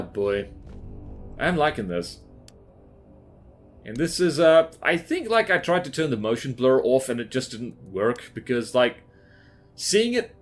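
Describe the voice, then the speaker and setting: A gaming YouTuber talks through his gameplay in a mid-pitched voice, chatty and rambling, making fun of himself and packing his speech with "like" and "um." Soft game music plays in the background.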